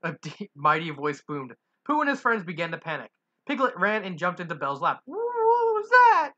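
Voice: mid-range voice, sing-song, brisk, sharp tone, dull audio. A reader reading a story aloud who giggles and adds asides. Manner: giggly, self-commenting asides. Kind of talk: reading fan fiction aloud.

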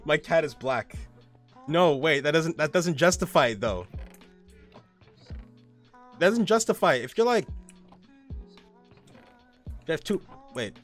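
A man streaming a game, ranting casually in a profane, rambling, excitable way. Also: on the high side, measured pace, long pauses, soft background music. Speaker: gaming streamer. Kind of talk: casual rant while playing a game.

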